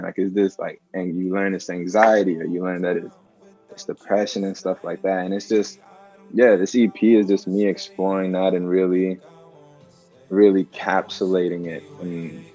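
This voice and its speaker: A young musician guest talks reflectively in a casual video-call interview, relaxed and using filler words throughout, saying "like" often. His low voice moves at a moderate pace over soft background music, and the call audio is dull and lo-fi.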